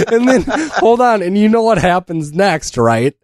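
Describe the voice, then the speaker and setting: A man's voice: sits high, no room sound. Rambling man telling a story, dry mic. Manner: rambling storyteller, breaks into laughter. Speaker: podcast co-host. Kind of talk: casual chat.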